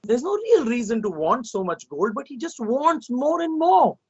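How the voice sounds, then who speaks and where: A wry storybook interviewer who remarks slowly on the king's madness, as a male storyteller puts him on. The recording sounds dull and lo-fi. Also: very high-pitched, big pitch swings, slightly rough, pitched above the performer's own voice, full character voice. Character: wry adult interviewer at the palace.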